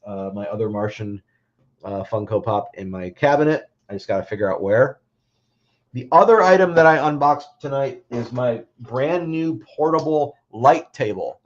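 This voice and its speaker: A man's voice: mid-range voice, lo-fi sound. A man hosting a casual livestream, chatting in a rambling way with many fillers and restarts. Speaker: livestream host.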